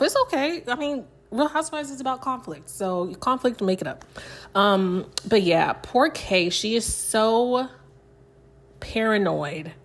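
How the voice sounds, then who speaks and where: A woman hosting a casual reality TV recap, chatty and gossipy, slipping into animated quoted voices. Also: medium pitch. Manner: chatty, animated, gossipy, uses "child" and "girl". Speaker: recap host.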